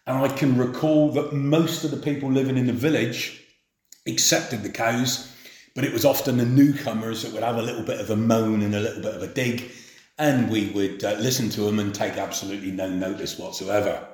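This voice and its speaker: A middle-aged man from England telling memories of his youth in an unhurried, plain-spoken way. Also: medium pitch, steady tone, darkish tone. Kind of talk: spoken memoir. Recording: roomy echo.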